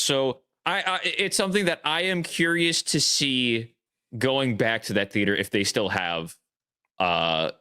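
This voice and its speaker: A man's voice: medium pitch, sharp tone, smooth. A man from New York with a New York accent, co-hosting a podcast, easygoing in casual chat and reading out viewer comments. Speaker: podcast co-host.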